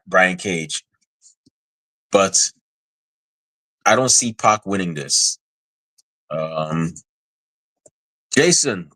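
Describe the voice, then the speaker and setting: A man hosting a podcast, giving casual wrestling predictions in an animated, chatty way with frequent restarts. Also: low-pitched, dry recording, low-quality recording. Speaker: podcast host.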